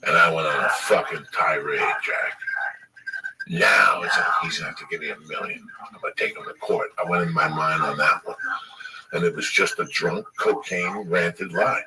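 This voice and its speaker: Deep-voiced man swearing through a story. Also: fairly even intonation, moderate pace, crowd noise. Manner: profane, rambling, acts out quoted dialogue. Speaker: podcast host telling a story. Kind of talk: casual storytelling chat. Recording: distant mic with clear background noise.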